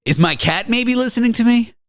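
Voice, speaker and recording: A man hosting an interview show, curious and joking, with a lively, animated way of talking. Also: very high voice, brisk, no echo, studio quality. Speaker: radio show host. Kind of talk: interviewing a guest.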